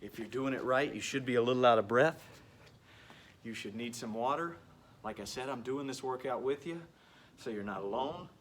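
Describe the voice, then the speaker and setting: A man's voice: medium pitch, moderate pace, recorded from a distance, slight background noise. A man leading a workout as a PE coach, upbeat and encouraging, joking as he goes, sometimes a bit out of breath. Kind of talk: home workout instruction.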